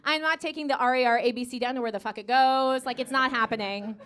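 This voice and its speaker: Onstage at a comedy club with a live crowd, a thirtysomething woman from the United States delivers a stand-up set packed with quick, sassy asides, repeated "okay"s, and gushing impressions of the people she quotes. She has a high, slightly bright voice.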